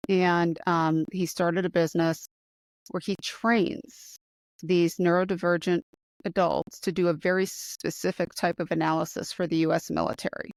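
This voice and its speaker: A woman's voice: moderate pace, creaky, no echo. A woman hosting a conversational interview, from the United States, talking in an enthusiastic and emphatic way. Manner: enthusiastic, emphatic, rising pitch when excited. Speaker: podcast host.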